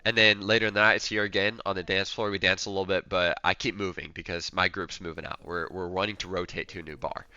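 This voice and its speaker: A man's voice: deep voice, fast, few pauses, clean tone, no echo, lo-fi sound. Young man rambling through a story. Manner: rambling, animated, acts out quotes. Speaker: streamer. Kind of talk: casual storytelling.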